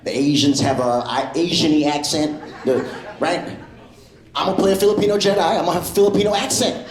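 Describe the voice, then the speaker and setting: A man doing a stand-up comedy set in a comedy club, animated and jumping into loud impressions. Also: on the high side, a little fast, long pauses, echoey room.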